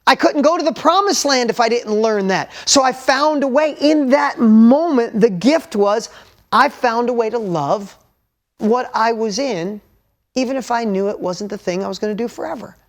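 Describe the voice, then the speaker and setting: A man's voice: very high voice, normal speed. A man giving a motivational storytelling talk to an audience, candid and blunt with casual swearing, openly emotional, and urging listeners to take notes. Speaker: motivational business speaker.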